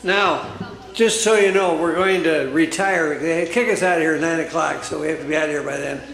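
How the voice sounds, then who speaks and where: Gravelly male host in an echoey room. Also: on the high side, brisk, fairly bright tone. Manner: chatty, announcing. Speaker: host of the talk club.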